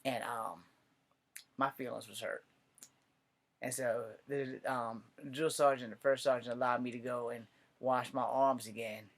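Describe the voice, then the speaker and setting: A man's voice: medium pitch, steady tone, unhurried. A man from the United States spinning loose, profane stand-up stories. He rambles from one tangent to the next and laughs at his own punchlines, in an easy amateur delivery. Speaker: amateur comedian.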